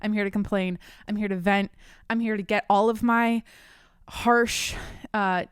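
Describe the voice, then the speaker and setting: A young woman rants into a desk microphone, her voice smooth and clear, the sound dry and close. She vents in a loose, profane podcast monologue, full of restarts and tangents. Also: medium pitch, measured pace, dry recording. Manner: animated, profane venting with frequent restarts. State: slightly out of breath. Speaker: podcast host. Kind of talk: casual ranting monologue. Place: home studio at her desk.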